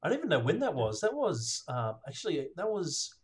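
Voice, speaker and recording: A man's voice: on the high side, wildly swooping pitch. Enthusiastic male interview host. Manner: enthusiastic, affirming, quick "yes" replies. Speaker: podcast host. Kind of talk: casual interview.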